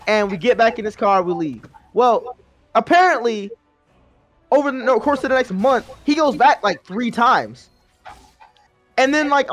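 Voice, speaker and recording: A very high-pitched man in his twenties rambles through a profane story while gaming, talking casually but erupting into loud, excited bursts.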